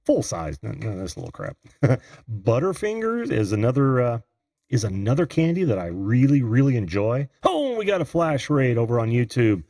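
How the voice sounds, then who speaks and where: A man's voice: medium pitch, very animated, normal speed, dark tone, no room sound, studio quality. A man from Indiana hosting a live video call-in show, chatting casually, laughing often and greeting viewers by name. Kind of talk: casual live-stream chat.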